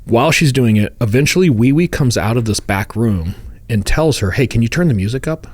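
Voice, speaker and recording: A man's voice: mid-range voice, animated, fairly quick, darkish tone, no echo. A man co-hosting a true-crime podcast, retelling a case in a casual, joking way and slipping into voices for the people involved. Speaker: podcast co-host.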